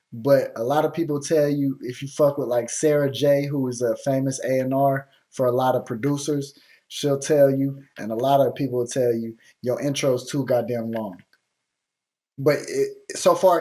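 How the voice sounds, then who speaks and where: This man's mid-range voice has a mellow quality. He hosts a show reviewing beats as a music producer, blunt and laid-back, with lots of slang and cursing, while keeping his feedback encouraging.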